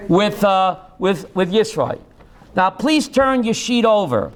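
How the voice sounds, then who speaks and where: A man's voice: high voice, sing-song, takes it slowly. A man, a rabbi teaching a class, who reads Hebrew text aloud, translates it, and quizzes his students by name.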